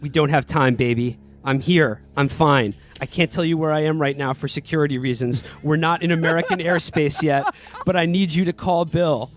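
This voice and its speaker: A man's voice: a little high, fairly even intonation, moderate pace, soft background music, close to an everyday voice. A man reading out the lines of a terse male soldier hero in a clipped, curt way.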